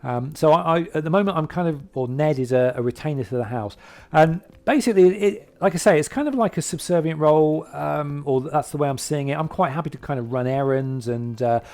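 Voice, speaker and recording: A man's voice: fairly high pitch, a little fast, darkish tone. A man talking casually to camera, rambling and hesitant, with lots of fillers and restarts. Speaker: vlogger describing his hobby.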